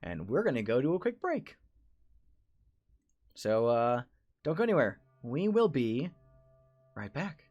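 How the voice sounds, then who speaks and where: A man's voice: medium pitch, big pitch swings, unhurried, long pauses, a little mellow, lo-fi sound, soft background music. Man narrating a horror tabletop game. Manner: descriptive, ominous narration. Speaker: game master.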